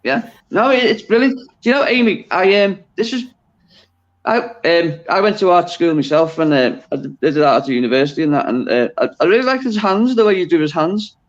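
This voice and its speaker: A man's voice: sits high, expressive, a little fast, lo-fi sound. A man from Liverpool with a Scouse accent, chatting casually on a video call, rambling and correcting himself as he goes. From Liverpool, England. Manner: rambling, self-interrupting, chuckling. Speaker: guest. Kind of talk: casual chat on a live stream.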